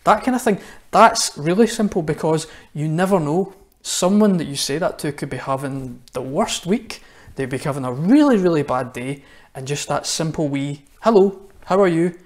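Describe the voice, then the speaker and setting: A man's voice: on the high side, animated, moderate pace. Scottish man, chatty children's address for an online church service, friendly and direct. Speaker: church minister.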